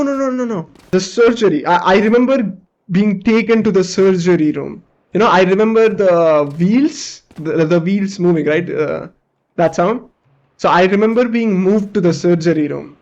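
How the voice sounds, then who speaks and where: A man's voice: high voice, highs cut off. A young man streamer casually telling a story while gaming, swearing now and then and acting out what people said. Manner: animated, casual, swears, acts out quoted people.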